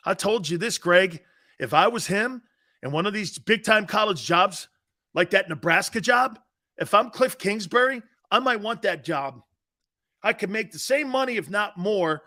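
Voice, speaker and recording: A man hosting a sports talk show, ranting in a brash, mocking, opinionated way. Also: high voice. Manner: brash, mocking, animated rants.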